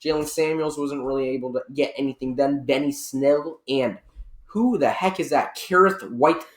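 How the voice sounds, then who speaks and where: A man's voice: mid-range voice, normal speed. A man co-hosting a sports podcast, giving a casual, rambling game recap and correcting himself as he goes. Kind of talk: casual sports analysis chat. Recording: echoey room.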